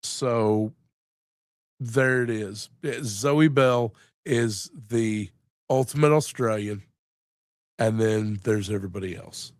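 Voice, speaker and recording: A man's voice: fairly low pitch, slow, no echo, studio quality. A man hosting a live stream, chatting casually in a rambling, joking way with plenty of swearing while he sounds sick and tired. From Louisiana. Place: home room.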